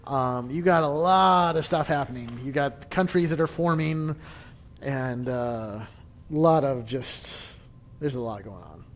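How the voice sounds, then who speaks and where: A man's voice: medium pitch, unhurried, long reverb tail. A man casually leading a church history class, chatty and joking, with frequent restarts.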